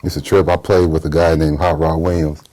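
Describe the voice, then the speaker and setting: A man's voice: extremely low pitch, little pitch movement, brisk, mellow, poor audio. A middle-aged man hosting a casual interview and prompting his guest with short affirmations. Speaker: podcast host.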